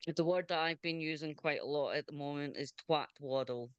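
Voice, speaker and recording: A woman's voice: low-pitched, clear, resonant tone, no echo, highs cut off. A Scottish woman hosting a radio show, chatting enthusiastically with a guest over a video call. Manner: chatty and enthusiastic, quick to laugh. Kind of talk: casual video interview chat.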